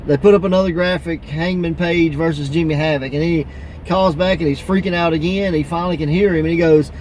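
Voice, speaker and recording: A man hosting a casual wrestling podcast, laughing often and acting out quoted wrestlers in higher voices. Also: fairly quick, darkish tone, a little hiss or hum. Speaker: podcast host.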